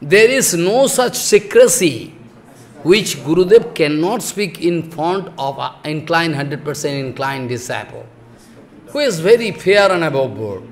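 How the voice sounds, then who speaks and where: A man's voice: fairly high pitch, expressive, unhurried. A man giving a sermon as a spiritual teacher, emphatic and scolding. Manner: scolding, emphatic, mixes laughter and mock dialogue.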